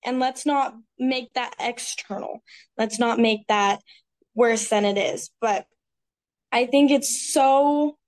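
A woman's voice: fairly high pitch, slow. A woman guest in a casual podcast conversation, talking earnestly and reflectively. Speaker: speaker at a women's retreat.

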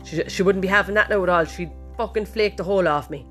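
A woman's voice: medium pitch, quick pace, fairly bright tone, faint music behind. A woman with an Irish accent hosting a podcast, chatting in a cheeky, sweary way from her bedroom. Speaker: podcast host. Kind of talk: casual chat. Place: bedroom, sitting on the bed.

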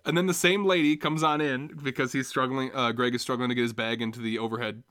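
A man's voice: mid-range voice, quick pace. Man retelling a film scene casually. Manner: animated retelling full of fillers and restarts. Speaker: podcast co-host. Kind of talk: casual movie discussion.

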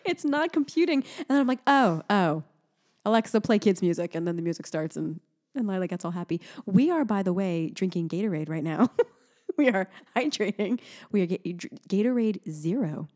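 A young adult woman co-hosting a podcast in casual chat, talking in an animated way, laughing often and sounding sleep-deprived. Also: medium pitch, normal speed. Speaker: podcast co-host.

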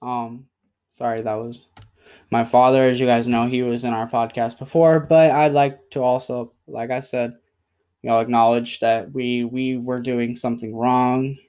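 A young man speaks alone on his podcast, apologizing in a halting way with frequent pauses and ums. His voice is smooth and clear but stays level in pitch, and he sounds emotional as he talks. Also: flat delivery, darkish tone. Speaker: podcast host.

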